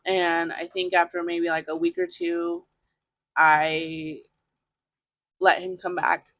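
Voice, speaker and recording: A woman hosting a podcast, telling her own story frankly and casually, with plenty of filler words and some swearing. Her voice sits a little low. The sound is close and dry, with no room echo. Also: animated, slow pace, gravelly, fairly bright tone. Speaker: podcast host. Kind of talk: candid personal storytelling.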